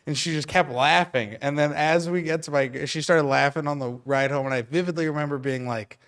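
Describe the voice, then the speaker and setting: A man hosting a podcast who tells stories in an animated way, laughing often as he goes. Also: on the high side, brisk. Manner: animated storyteller, laughs through his stories. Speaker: podcast host and stand-up comedian. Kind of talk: casual podcast chat.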